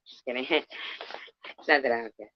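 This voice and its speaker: A woman's voice: very deep voice, a little fast, slight background noise. Profane rambling woman reading aloud. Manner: rambling, profane asides, stop-start reading. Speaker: channel host. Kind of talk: reading a book aloud and reacting. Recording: dull lo-fi dry sound.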